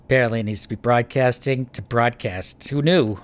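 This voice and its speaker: A self-mocking gaming channel host gives chatty, meandering let's-play commentary over a space building game. His mid-range voice is expressive, with a measured pace and frequent pauses.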